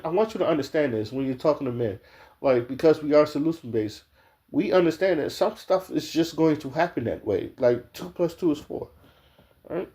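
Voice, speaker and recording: A man's voice: fairly high pitch, dark tone. A man giving casual opinion commentary straight to his viewers, blunt and profane, full of restarts and "like". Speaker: video commentator.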